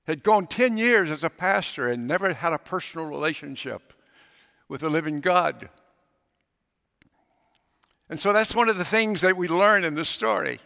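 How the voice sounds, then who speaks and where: A man's voice: a little high, lively intonation, normal speed, gravelly, pauses often, pushed and bright. A man preaching a sermon as pastor, telling a story and acting out its characters. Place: church sanctuary. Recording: long reverb of a large hall.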